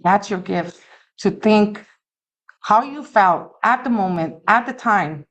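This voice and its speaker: Woman, middle-aged, recovery testimony, earnest, halting, mid-pitched, muffled lo-fi recording. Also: animated. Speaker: alumni speaker at a recovery meeting. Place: meeting room.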